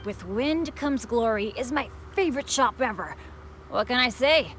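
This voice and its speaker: A woman's voice: fairly high pitch, animated, moderate pace, slight background noise. A woman voicing an upbeat unlucky teenage boy adventurer. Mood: cheerful. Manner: eager, self-deprecating, bouncy. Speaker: game character. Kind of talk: video game voice acting. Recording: game audio with loud background music.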